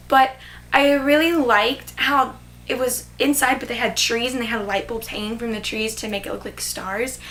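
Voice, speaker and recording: On her vlog, a young woman with a fairly bright, high-leaning voice chats about a movie she loves. She gushes and sprinkles "like" all through her speech.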